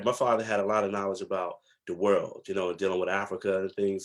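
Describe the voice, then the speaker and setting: A man's voice: deep voice, little pitch movement, quick pace. A man from New Jersey, a guest historian, telling stories from his past in a reflective, emphatic way with many fillers. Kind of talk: casual interview storytelling.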